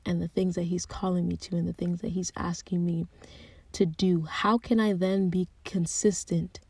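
A young woman speaking candidly and earnestly about her faith, thinking aloud with restarts and soft asides. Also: on the low side, measured pace, husky, dry recording. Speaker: Christian speaker sharing personal reflections. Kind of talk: candid personal reflection.

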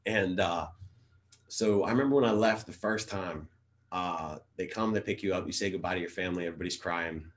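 Man, low voice, rambling and profane, lots of fillers, casual storytelling guest. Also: fairly quick. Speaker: guest, former Marine.

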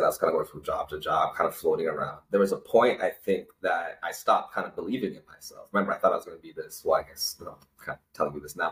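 Recorded in an echoey room at low quality, a young man from Canada speaks in a low-pitched, slightly bright voice. He's in his twenties and appears as an interview guest, recounting something personal with earnest emotion and plenty of fillers.

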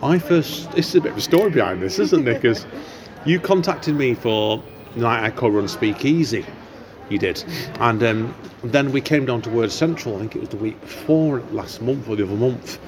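A man's voice: medium pitch, expressive, moderate pace, background noise. A man hosting a podcast, chatting casually and rambling with many fillers, recorded in a library café. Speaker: podcast host. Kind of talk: casual interview chat. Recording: busy café crowd behind. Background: café crowd chatter.

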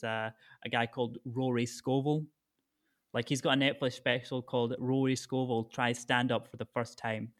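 With a mid-range, fairly bright voice, a Scottish stand-up chats casually as a podcast guest, answering interview questions and often restarting or padding with fillers.

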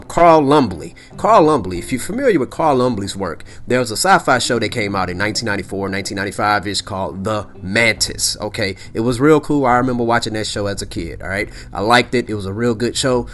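A man's voice: fairly low pitch, fairly bright tone. A man hosting a solo podcast, talking casually and emphatically, repeating himself and checking in with "okay?" and "all right?". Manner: rambling, peppers lines with "okay?" and "all right?". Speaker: podcast host.

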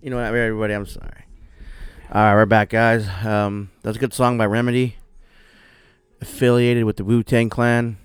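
A man's voice: lowish voice, level tone, moderate pace, clean tone, no room sound, clean studio sound. A man co-hosting a casual podcast, laid-back, swearing freely and laughing often. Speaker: podcast co-host. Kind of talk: casual chat.

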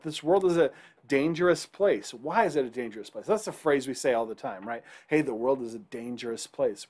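Male pastor, relaxed conversational sermon delivery, mid-range voice. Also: medium pitch. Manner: conversational preaching, frequent "right?" to the congregation.

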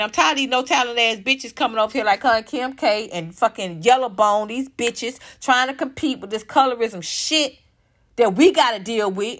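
A woman's voice: on the high side, fairly bright tone. A young woman giving heated, profane reaction commentary, scornful and ranting. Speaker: commentary vlogger.

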